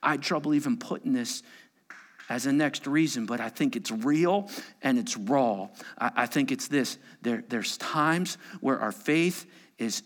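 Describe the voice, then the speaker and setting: A man preaching a sermon, dropping to hushed whispers and rising to loud, pleading bursts. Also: medium pitch, long reverb tail. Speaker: pastor.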